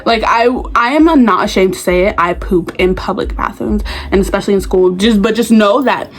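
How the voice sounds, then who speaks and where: A young woman vlogger telling school stories in casual chat, animated and acting out the other people's voices. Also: mid-range voice, normal speed, soft background music, low-quality recording. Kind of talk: casual storytime.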